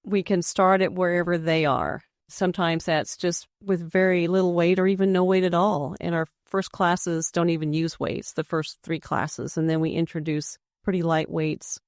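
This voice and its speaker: A woman specialist in a radio interview, explaining in a steady, practical way. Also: fairly low pitch, no room sound, clean studio sound. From United States. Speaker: extension specialist.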